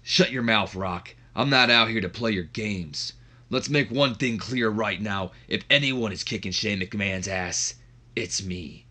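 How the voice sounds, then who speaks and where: A stern, threatening wrestler speaks curtly and bluntly, as a man reads him out. The voice sits low, but the tone stays bright and forceful. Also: a little slow. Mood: menacing. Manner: menacing, curt.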